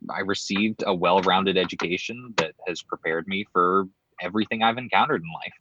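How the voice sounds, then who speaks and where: Young man with a very low voice. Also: fairly quick, sharp tone. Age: young adult. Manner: dry, teasing quips. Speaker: guest, former homeschooler. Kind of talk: casual interview chat. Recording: dull lo-fi line.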